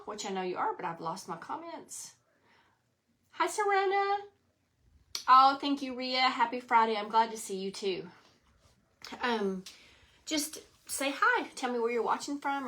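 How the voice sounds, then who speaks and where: A woman's voice: on the high side, bright, forceful tone. A middle-aged woman hosting a live craft stream from home, chatty and rambling, slightly out of breath. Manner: chatty, rambling, greets viewers by name. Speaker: craft show host.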